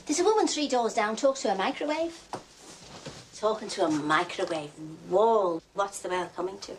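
Middle-aged housewife, sardonic film monologue, lively swooping delivery. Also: female voice, a little high, brisk, noisy background. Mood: wry chatter. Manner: dry, sardonic, chatty. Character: wry, bored middle-aged Liverpool housewife.

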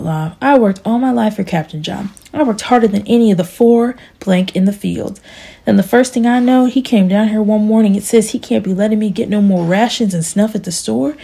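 A woman's voice: fairly high pitch, creaky, warm tone, breathy edge. A woman voicing an aging, self-pitying male farmer who pleads and complains in a storybook reading.

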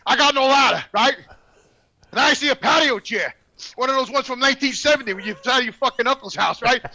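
A middle-aged man telling a profane story, animated and swearing constantly. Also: very high voice, fast. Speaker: podcast guest telling a story. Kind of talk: profane storytelling, casual chat.

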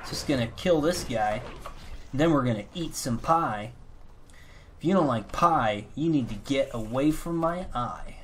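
A man's voice: a little high, fairly bright tone. Male game host, goofy rambling commentary, crude jokes, with faint background hiss. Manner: goofy, rambling, profane, improvised rhymes. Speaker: let's play host. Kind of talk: gameplay commentary.

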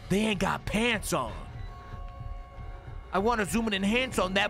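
A young man streaming a horror game, swearing, talking to his chat as "gang" and dropping to a hushed whisper when scared. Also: sits high, fast talker. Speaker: gaming streamer. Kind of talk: live horror game commentary. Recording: game music audible behind.

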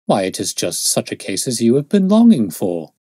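A man's voice: mid-range voice, huge pitch swings, normal speed, warm tone, breathy edge, no echo, studio quality. A man voicing an earnest male companion who exclaims in amazement, within a read-aloud story.

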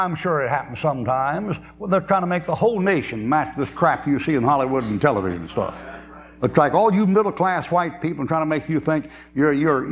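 A man's voice: a little high, vocal fry. A man, preaching a folksy sermon, telling stories and laughing often. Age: 70s. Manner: folksy storytelling, laughs often, drawling asides. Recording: dull lo-fi tape with faint hum.

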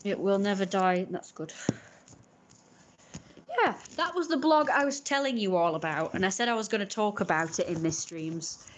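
A woman's voice: medium pitch, expressive, normal speed, a little hiss or hum. A young woman streaming casually, chatting in a rambling way while she cooks and opens parcels, often stopping to correct herself. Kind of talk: casual chat.

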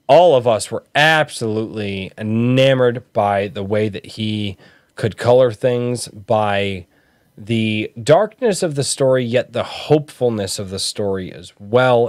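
A man's voice: lowish voice, slow pace, no room sound, studio quality. A man hosting a podcast, rambling and joking at himself in casual chat. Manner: rambling, self-deprecating, jokey. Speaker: podcast host.

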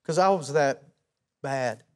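A young man with an East Tennessee accent, a musician guest on a talk show, telling his story softly with many pauses and ums. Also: medium pitch. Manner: soft-spoken and halting, many ums.

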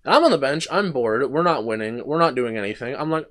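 Speaking at a quick, animated clip in a mid-range, slightly bright voice, a young podcast host spins a long, casual yarn. It wanders, with frequent restarts, filler words and swearing.

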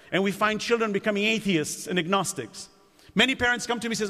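A man's voice: sits high, animated, fast talker, sharp tone. A man delivering a sermon at a mosque gathering, asking the audience rhetorical questions. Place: community centre lecture hall. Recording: long hall reverb.

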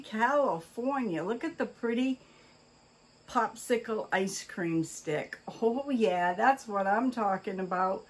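Slow-talking older woman gushing over mail. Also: medium pitch, slightly rough. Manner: gushing, exclamatory, full of oohs and oh my goodness. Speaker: vlogger opening fan mail. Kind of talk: casual mail-opening chat.

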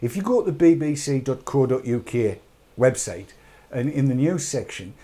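A man's voice: medium pitch, sing-song, moderate pace, dark tone. A British man hosting a live online chat show, rambling and urging viewers on with jokey asides. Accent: British English.

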